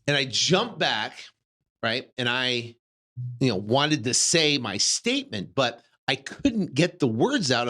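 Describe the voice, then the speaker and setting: A man in his fifties, a real estate investor and podcast host, telling a first-person story in a casual, animated way, full of fillers and restarts. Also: mid-range voice, unhurried. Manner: animated, many fillers and restarts, acts out his own reactions.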